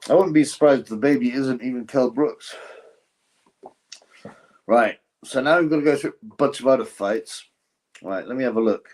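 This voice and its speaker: A man's voice: medium pitch, normal speed, pauses often, darkish tone. Blunt ranting man streaming fight commentary. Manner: blunt, ranting, chuckling asides; reads viewer donations aloud. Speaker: livestream host. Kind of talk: live reaction commentary on a boxing stream.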